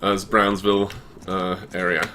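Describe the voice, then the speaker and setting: Bright-voiced middle-aged man hosting. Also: sits low, unhurried, a little hiss or hum. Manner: relaxed, explains patiently with fillers. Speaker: radio show host. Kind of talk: casual call-in chat.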